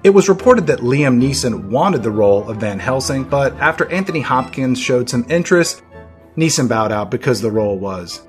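A man's voice: medium pitch, lively intonation, normal speed, soft background music. A man hosting a movie podcast, narrating scripted film history with playful, dramatic emphasis. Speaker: podcast host.

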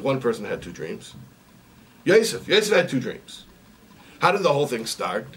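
A man giving a weekly religious lesson, asking repeated questions and telling a parable, recorded on a distant mic with faint noise. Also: medium pitch. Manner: repetitive, questioning, storytelling. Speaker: religious teacher. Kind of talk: sermon with a parable.

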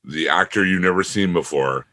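A man's voice: sits low, normal speed, no room sound, studio quality. A man co-hosting a podcast, chatting casually about a TV episode and mockingly acting out scenes. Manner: animated, mocking, acts out scenes. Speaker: podcast co-host. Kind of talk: casual chat reviewing a TV episode.

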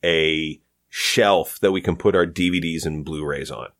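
A man's voice: extremely low pitch, measured pace. A male comedian from Canada chatting casually, telling stories and acting out quotes. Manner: animated storyteller, acts out quotes. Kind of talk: casual chat.

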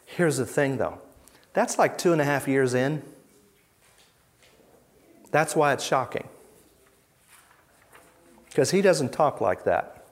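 A man giving a conference teaching talk to a live audience, emphatic, asking rhetorical questions and swinging between loud bursts and hushed asides. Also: mid-range voice. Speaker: Bible teacher.

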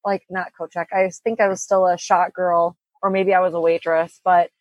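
A woman guest on a podcast tells a nightclub story in a plain, mid-pitched voice. She is modest and stops often to correct herself, and the sound is dry and close. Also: flat delivery, dry recording, lo-fi sound. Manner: modest, self-correcting, halting. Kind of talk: casual storytelling.

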